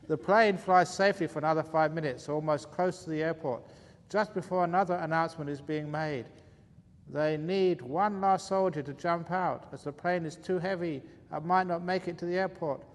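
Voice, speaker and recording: A man with a slightly high, steady voice at normal speed leads a retreat Q&A as a meditation teacher, joking playfully and chuckling at his own lines. The hall leaves faint reverb and light room noise.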